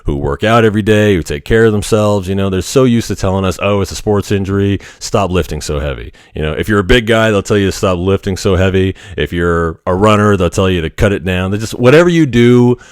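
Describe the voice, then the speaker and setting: Low-voiced man telling a frank story. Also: fast talker, few pauses, clear, resonant tone, no room sound, clean studio sound. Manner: frank, animated, occasionally profane. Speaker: podcast host. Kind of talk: casual storytelling monologue.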